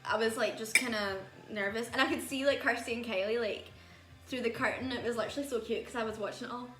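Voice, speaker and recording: A woman's voice: a little high, quick pace, a bit bright, echoey room, faint music behind. A young woman telling a story in casual chat, chatty and giggly with lots of fillers.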